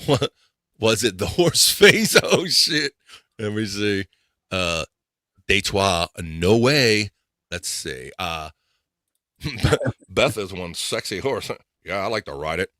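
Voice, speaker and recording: A man's voice: on the low side, expressive, takes it slowly, pushed and bright, dry recording, clean studio sound. A man hosting a casual live podcast, rambling, laughing and muttering to himself as he reads chat. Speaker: podcast host.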